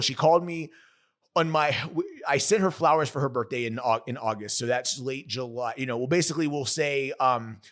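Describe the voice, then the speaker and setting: A man in his thirties shares a painful personal story on a podcast, speaking earnestly and haltingly. He often stops to restart or correct himself, and his medium-pitched voice is a bit bright.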